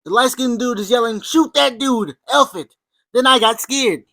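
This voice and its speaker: A woman's voice: on the high side, normal speed, pushed and bright, dry recording. A woman hosting an opinionated commentary video, talking with sarcasm and sudden emphatic outbursts. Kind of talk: opinionated commentary over clips.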